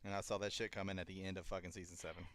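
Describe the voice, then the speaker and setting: A man co-hosting a casual review chat, talking in a profane, animated way and mocking the characters. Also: sits low, very fast. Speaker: podcast co-host.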